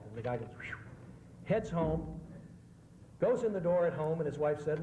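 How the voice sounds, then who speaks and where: A man's voice: on the high side, very animated, moderate pace, pauses often, warm tone. A middle-aged American man, a political journalist, giving a public lecture, telling jokes and answering questions in a conversational way. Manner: conversational storytelling with joke punchlines. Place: lecture hall. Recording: echoey hall with faint hiss.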